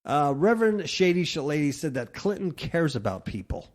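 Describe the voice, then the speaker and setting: A man's voice: on the high side, sing-song, normal speed. A man hosting a talk radio show, reading news stories aloud and mocking them with sarcastic asides.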